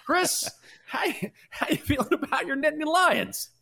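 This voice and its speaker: Excitable high-voiced male co-host. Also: moderate pace, vocal fry. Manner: excitable, playful. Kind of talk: casual sports show banter.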